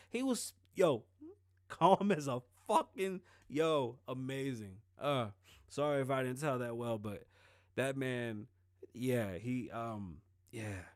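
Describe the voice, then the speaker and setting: A man hosting a podcast, talking casually and swearing freely as he tells stories in an animated way. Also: medium pitch, no room sound, clean studio sound. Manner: profane, animated storytelling. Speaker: podcast host.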